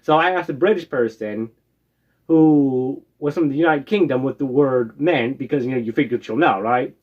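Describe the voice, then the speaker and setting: A man's voice: mid-range voice, normal speed. An American man casually telling stories from his past, rambling with lots of "uh"s and a habitual "right?". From United States. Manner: rambling, many "uh"s and tag "right?". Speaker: storyteller. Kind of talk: casual storytelling. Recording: dull lo-fi recording.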